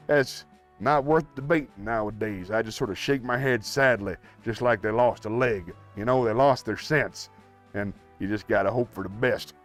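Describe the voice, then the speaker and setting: A man hosting a live stream in a folksy, joking way, chatting casually with his viewers. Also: fairly high pitch.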